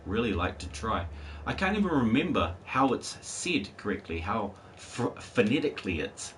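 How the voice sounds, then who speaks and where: A man's voice: on the low side, a bit bright. A man live-streaming a game in casual chat, rambling along and talking to his viewers and the game's dog. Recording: distant mic with faint background noise.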